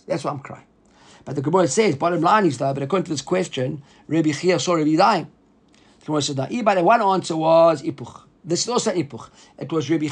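A man teaching a Talmud class, explaining the text in an animated way and acting out the rabbis he quotes. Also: sits high, husky. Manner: mixes Hebrew and Aramaic terms into English.

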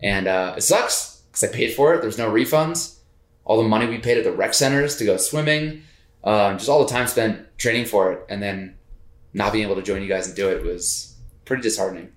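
A man on a podcast, telling a personal story in a casual, animated way and laughing as he goes. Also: lowish voice, fairly quick. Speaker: podcast co-host. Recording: roomy echo.

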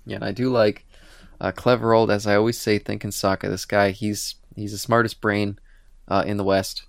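A man with a low, gravelly voice co-hosting a casual podcast. He retells comic scenes with animation and slips into the characters' lines. The sound is dry and close. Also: normal speed, no echo. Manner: animated retelling with acted-out quotes. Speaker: podcast co-host. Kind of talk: casual comic book discussion.

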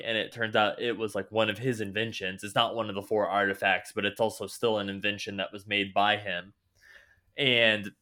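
A young man on a podcast, casually telling animated stories about the games he played and acting out his own reactions. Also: lowish voice, smooth. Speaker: podcast host. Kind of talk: casual gaming chat.

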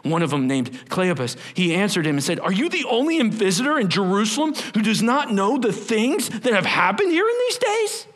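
A man's voice: high voice, sing-song, normal speed, hardly any pauses, fairly bright tone. A middle-aged male pastor preaching a sermon, telling the story with acted-out voices and sudden drops to a whisper.

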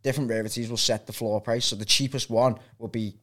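A man's voice: medium pitch, steady tone, quick pace, a bit bright. A man with a Liverpool accent, casually explaining things at length in a podcast chat. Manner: explains at length, self-taught enthusiast. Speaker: guest explaining crypto tokens.

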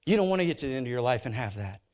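A pastor preaching a sermon in a church, animated and emphatic, with joking asides. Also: male voice, medium pitch, racing. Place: church sanctuary.

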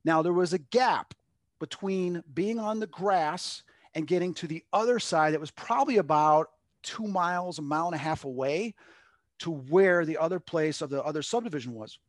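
Higher-voiced man telling a rambling story. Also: no room sound, clean studio sound. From Long Island, New York. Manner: rambling, acts out quotes with lots of "like". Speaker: medium, guest. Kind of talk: personal storytelling in an interview.

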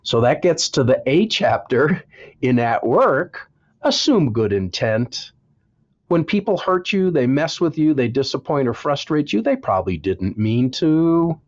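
A man's voice: medium pitch, big pitch swings, measured pace, lo-fi sound. A man, an author being interviewed, giving earnest advice and repeating words for emphasis. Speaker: author and guest. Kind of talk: interview, preaching-style advice.

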